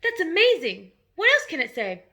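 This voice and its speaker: A woman's voice: very high-pitched, huge pitch swings, moderate pace, pushed and bright, pitched above the performer's own voice, full character voice. A woman voicing a bold, clever little girl with an earnest, indignant manner, reading a storybook aloud. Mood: eager.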